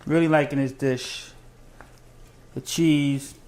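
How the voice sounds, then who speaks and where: A man hosting a casual home cooking show, talking fast and rambling with lots of restarts. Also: on the high side, steady tone, darkish tone. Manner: fast, rambling, self-correcting.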